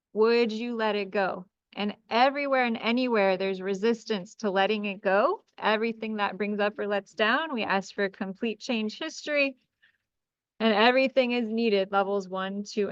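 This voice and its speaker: An excitable woman guides a group energy clearing session, breaking into cheerful exclamations and dropping into slow, chant-like commands. Her voice comes across smooth and resonant, close and dry. The call audio sounds a little dull and muffled. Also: mid-range voice, no echo. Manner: enthusiastic and effusive, with exclamations and chuckles. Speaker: spiritual energy healer leading a group session.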